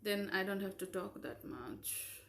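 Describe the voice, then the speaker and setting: A woman's voice: mid-range voice, expressive, measured pace, creaky, a bit bright. A young woman from Southeast Asia chatting frankly and at length while she paints on a live stream. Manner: rambling and frank. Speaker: digital artist streaming live. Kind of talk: casual chat while painting.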